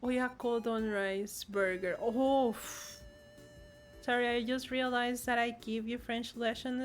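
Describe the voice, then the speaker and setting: Slow-talking playful woman. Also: on the high side, fairly even intonation, faint music behind. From Latin America. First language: Spanish. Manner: playful, giggly, reads chat aloud. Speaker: streamer. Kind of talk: casual live-stream chat.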